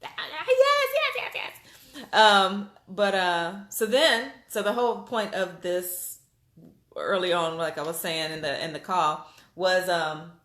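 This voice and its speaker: A woman vlogger telling a story to her viewers in a casual, animated way, with lots of fillers and restarts. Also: on the low side, unhurried. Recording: roomy echo.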